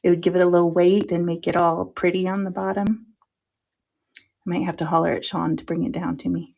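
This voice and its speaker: A woman hosting a crafting show, chatting to herself as she works, self-mocking and quick to laugh, sometimes dropping into soft whispers while she concentrates. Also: lowish voice, little pitch movement, vocal fry, lo-fi sound. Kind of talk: casual crafting chat.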